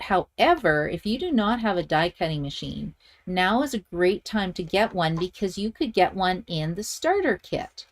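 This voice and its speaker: A middle-aged woman from Canada hosting a live card-making tutorial, chatting and thinking aloud as she works and reads viewer comments. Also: medium pitch. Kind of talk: live-streamed stamping tutorial.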